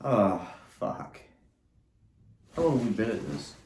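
Drugged out guy mumbling and cursing, super slow, echoey room. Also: on the low side, sing-song, a little mellow. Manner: profane, disjointed, swinging between mumbling and anguished cries. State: disoriented, under the influence of a drug. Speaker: podcast host recording his own treatment session. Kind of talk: rambling stream-of-consciousness talk.

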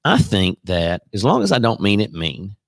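A Southern US man co-hosting a podcast, rambling and laughing as he jokes with his friends. His voice sits low, and it sounds dry and close, with no room echo. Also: wildly swooping pitch, normal speed, creaky. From American South. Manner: rambling, joking, laughs often. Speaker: podcast co-host. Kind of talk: casual chat.

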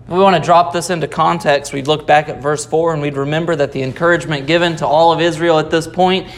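High-voiced man preaching a sermon. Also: steady tone, fast. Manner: explanatory, repeats phrases for emphasis. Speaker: pastor.

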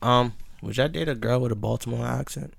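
A man's voice: medium pitch, a little fast, vocal fry, dry recording. A man co-hosting a casual podcast, trading jokes and banter with friends. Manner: joking banter, lively. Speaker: podcast co-host. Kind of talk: casual chat.

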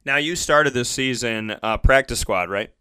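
A man's voice: medium pitch, moderate pace, pushed and bright, clear, resonant tone, no echo. A man interviewing a basketball player in a casual, playful way, laughing often.

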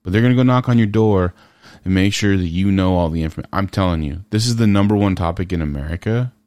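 A podcast host in casual commentary, ranting sarcastically and firing off rhetorical questions. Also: male voice, low voice, quick pace, darkish tone, no echo, studio quality.

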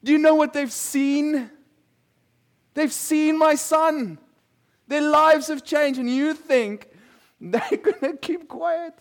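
A man's voice: very high-pitched, slow, pitched above the performer's own voice, heavily acted. A male preacher playing God as an amused, all-powerful figure, firing incredulous, mocking questions from heaven.

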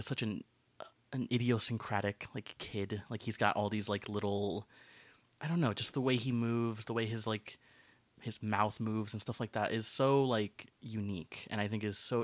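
A man's voice: lowish voice, moderate pace, dry recording. A man co-hosting a casual film podcast, talking in rambling runs full of fillers and restarts. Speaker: podcast co-host.

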